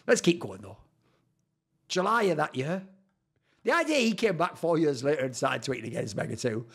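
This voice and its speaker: Gravelly, lively-voiced mocking man. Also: fairly high pitch, a little fast. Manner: profane, mocking, swings between loud outbursts and mutters. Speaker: esports commentator and YouTuber. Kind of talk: sarcastic commentary on old tweets.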